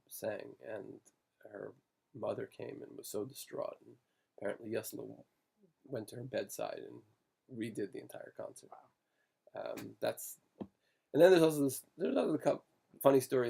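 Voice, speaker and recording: Creaky, husky man telling family stories. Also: lowish voice, mellow. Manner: halting and digressive, with many restarts. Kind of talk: anecdotal storytelling in an interview.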